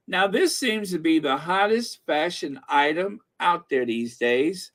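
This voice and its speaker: Slow, chatty middle-aged man. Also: high-pitched, expressive, fairly bright tone. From American Midwest. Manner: chatty, laughs often, reads comments aloud with frequent fillers. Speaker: host reading live chat. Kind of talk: casual livestream chat.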